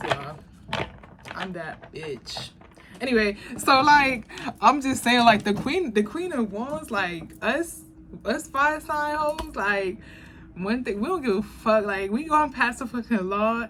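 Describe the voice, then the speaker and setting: A woman giving a casual tarot reading, talking bluntly and profanely, animated and laughing often. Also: fairly high pitch, takes it slowly. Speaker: tarot reader. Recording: background noise.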